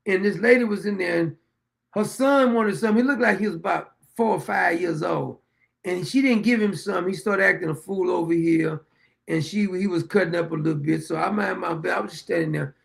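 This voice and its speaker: A middle-aged man holds forth in a blunt, rambling rant as host of his own show. His voice sits high for a man and carries a gravelly rasp, and he keeps circling back to the same points like a preacher. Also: fairly bright tone. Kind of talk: opinionated monologue.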